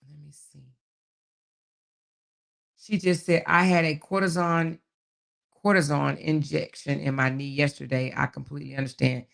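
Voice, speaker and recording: A woman hosts a relaxed live chat and reads out comments from her viewers. She speaks in a folksy, affectionate way and calls people baby, child and honey. Her voice is gravelly and full of fry, and she laughs often as she talks. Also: low-pitched, normal speed, pauses often. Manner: laughs often while talking. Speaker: livestream host.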